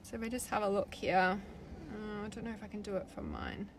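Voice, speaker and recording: A woman's voice: medium pitch, expressive, brisk, background noise. A young adult woman hosting a live stream, chatting casually as she reads out viewer comments, rambling with many "like"s and swearing freely when she gets fired up. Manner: rambling, filler-heavy talk with many "like"s.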